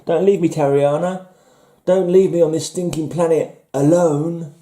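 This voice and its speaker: A man putting on the accent of a gruff, rock-skinned male superhero who is fed up, with an exaggerated tough-guy delivery. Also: fairly high pitch, fairly even intonation, a little slow, warm tone, reverberant, a little hiss or hum, voice pushed up, close to an everyday voice. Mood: pleading.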